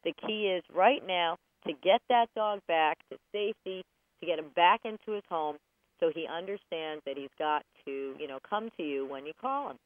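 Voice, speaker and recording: A woman's voice: fairly low pitch, normal speed, no room sound. A woman hosting a radio advice show about dog training, chatty and jokey, often acting out voices as she talks. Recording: dry, tinny phone-like radio sound.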